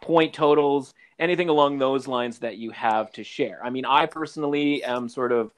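Male podcast host, affable interviewer, mid-pitch, rambling questions. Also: normal speed. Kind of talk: casual interview.

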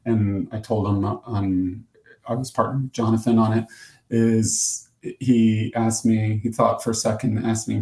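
American man with a low, roomy voice. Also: a little mellow. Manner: self-deprecating, halting with fillers. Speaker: podcast co-host. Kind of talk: casual chat. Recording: roomy echo.

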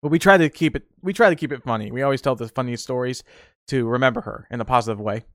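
A man's voice: mid-range voice, quick pace, fairly bright tone, dry recording, studio quality. A man hosting a solo podcast, telling casual stories and rambling, often repeating and restarting his words. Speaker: podcast host.

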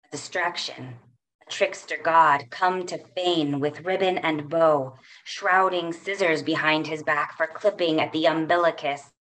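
A middle-aged woman poet gives a poetry reading in a lowish voice. She takes her time over every line, measured and unhurried, with soft pauses between phrases.

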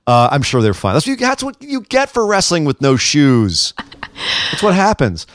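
A man's voice: fairly high pitch, huge pitch swings, moderate pace, dry recording. A young man co-hosting a casual wrestling podcast, recapping shows with bursts of enthusiasm. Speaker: podcast co-host. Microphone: headphones and studio mic.

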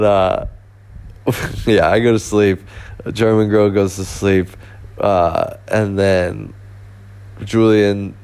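A man's voice: fairly low pitch, darkish tone, clean tone. A young man hosting a podcast, telling travel stories in a casual, rambling way full of fillers and restarts. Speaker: podcast host.

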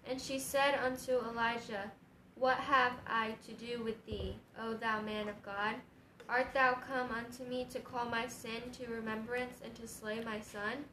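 A woman reads scripture aloud in a flat, even, fairly high voice, steady and formal. The room is echoey, with faint ambience behind her. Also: unhurried, a little hiss or hum. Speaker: scripture reader.

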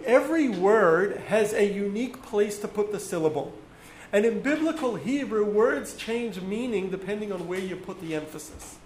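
A man teaching a class, explaining patiently with frequent ums and pauses. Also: high-pitched. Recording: echoey room with faint noise.

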